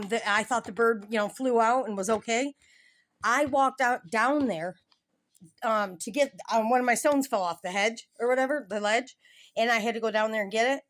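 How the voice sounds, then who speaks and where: Middle-aged woman, home phone vlog, rambling and giggly, drifts into tangents. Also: fairly high pitch. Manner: meandering, giggly, chatty with tangents. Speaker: vlogger. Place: at home, indoors. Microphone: handheld phone camera filming the room, face off screen.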